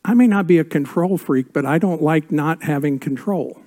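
An older man preaching a sermon as a pastor, with dramatic pauses and drops to a hush on key words. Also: fairly high pitch.

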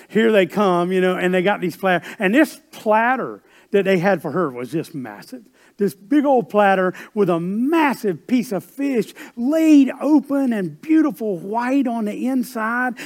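Pastor, sermon w stories, chatty then punches it hard, slightly high voice. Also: male voice. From South Carolina. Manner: conversational, building to emphatic peaks. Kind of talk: sermon with storytelling.

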